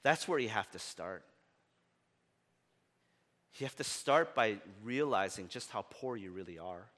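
A male pastor preaching a sermon in a casual, conversational way, often rising for emphasis. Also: unhurried. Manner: animated, often rising in pitch and loudness for emphasis; conversational with fillers like "right?" and "like". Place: church. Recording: long reverb of a church hall.

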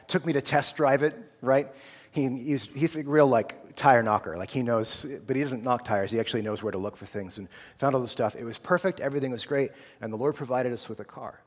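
Guy in his 30s telling a faith story, casual and earnest, lots of hall echo. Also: mid-range voice. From United States. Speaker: theology student. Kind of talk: personal testimony talk. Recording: long hall reverb.

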